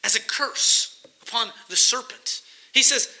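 A man's voice: very high-pitched, unhurried, pushed and bright, low-quality recording. A man preaching a sermon, reading scripture verses aloud and explaining them with emphasis. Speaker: pastor.

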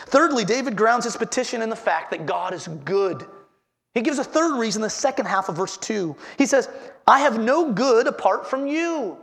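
A man's voice: sits high, big pitch swings, normal speed, vocal fry, a bit bright. A man preaching a sermon as pastor, earnestly repeating his headings and asking the congregation questions.

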